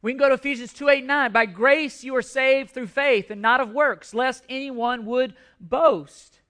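A man's voice: extremely high pitch, steady tone, normal speed, bright, forceful tone. A man preaching a sermon to a congregation, emphatic, repeating and restarting phrases as he drives his points home. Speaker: pastor.

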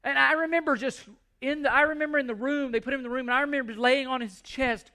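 High, bright-voiced man preaching earnestly. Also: fairly even intonation, fast talker. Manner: earnest, pleading, repeats words as he restarts. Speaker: pastor. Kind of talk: sermon.

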